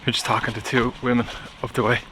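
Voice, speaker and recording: A man's voice: mid-range voice, level tone, fast talker, noisy background. An Irish man chatting casually to camera while out hiking, talking in a loose, rambling way. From Ireland. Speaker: vlogger hiking. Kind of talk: casual on-the-go commentary. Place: outdoors on hills and a beach in wind and rain.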